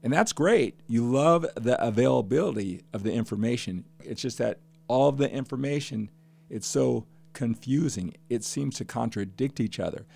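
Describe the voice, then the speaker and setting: A man's voice: medium pitch, expressive, moderate pace, creaky, mellow. An older man hosting a fitness podcast, talking passionately and emphatically and stacking up repeated phrases. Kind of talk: podcast monologue.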